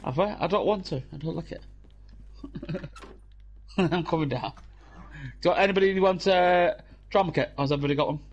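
Young British guy, slightly high voice, sweary rambling gamer banter, laughing often, headset chat. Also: brisk, long pauses, lo-fi sound. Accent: British English. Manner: rambling, profane storytelling with frequent laughs. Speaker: gamer streaming with friends. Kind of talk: casual banter while gaming.

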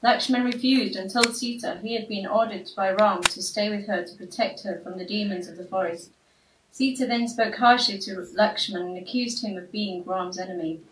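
A woman calmly narrating a live stage play, heard far off in an echoey hall. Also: medium pitch. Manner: calm storytelling.

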